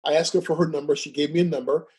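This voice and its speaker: A man's voice: fairly high pitch, fairly even intonation, very fast, a little mellow, slightly rough. A man telling stories as a guest in a casual chat, who laughs often, keeps asking "right?" and stutters at times. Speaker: podcast guest.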